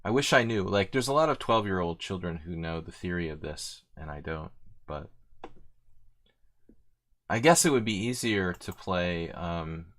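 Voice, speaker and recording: A man's voice: sits low, animated, a little slow, fairly bright tone. A man streaming blitz chess, talking casually and thinking aloud, unsure of himself and self-mocking, with many fillers. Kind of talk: casual live commentary while playing.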